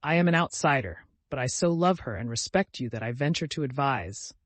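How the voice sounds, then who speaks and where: A man's voice: mid-range voice, expressive, brisk, no echo, close to an everyday voice. A man voicing a worldly, affable society princess with an ironical, gushing manner.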